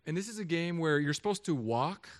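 Animated man preaching with humor. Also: fairly high pitch, fairly quick. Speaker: pastor. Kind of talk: sermon.

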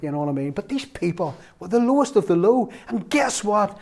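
A male pastor delivers a sermon in a somewhat high-pitched voice. He speaks with emphasis and circles back to repeat his key phrases for weight. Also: big pitch swings, brisk, creaky, darkish tone. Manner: emphatic preaching with repetition.

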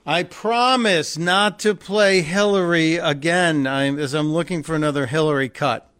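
Chatty male radio host, crisp dry sound. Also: on the high side, measured pace, fairly bright tone, no echo. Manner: chatty, joking, laughs easily. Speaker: radio talk show host. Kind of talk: casual call-in radio talk. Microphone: studio microphone.

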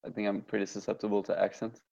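A man with a low, gravelly voice co-hosts a laid-back hobby podcast. He talks loosely, with lots of fillers and swearing. His lo-fi microphone makes the sound dull. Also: quick pace. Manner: relaxed, swears a lot, fillers like "like" and "uh". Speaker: podcast co-host. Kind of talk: casual hobby podcast chat.

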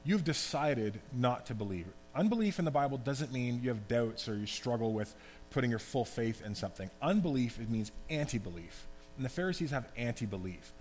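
A man giving a conversational, animated sermon as pastor. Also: medium pitch, a little fast, soft background music. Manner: conversational, animated preaching with asides. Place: church hall. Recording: long hall reverb, faint hum.

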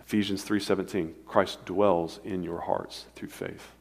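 A man preaching a sermon with a dynamic delivery, swinging between emphatic, raised passages and hushed, quiet ones. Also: low voice, steady tone, a little slow. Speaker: pastor. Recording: long reverb of a large hall.

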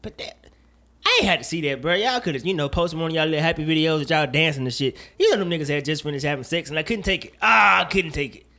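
A man hosting a casual podcast, talking in an animated, jokey way with plenty of profanity and rambling asides. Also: on the high side, fast. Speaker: podcast host. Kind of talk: casual chat.

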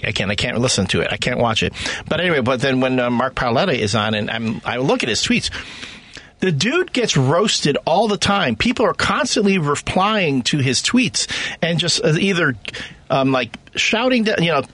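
Male radio guest, rambling casual talker, mid-range voice. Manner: rambling, restarts, animated rises in pitch. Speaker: radio guest, comic book writer.

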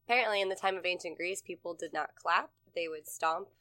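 Bright, clear-voiced young woman chatting. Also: on the low side, a little fast. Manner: rambling, swears freely, laughs often. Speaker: podcast co-host. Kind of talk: casual chat.

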